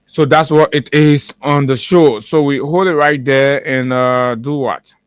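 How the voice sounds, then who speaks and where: A Liberian man hosts a morning talk show, delivering heated, combative political commentary at a mid pitch. He repeats himself often and stumbles through fillers and restarts. The sound is dry and close, with no room echo. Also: steady tone, unhurried, clean tone. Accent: Liberian English.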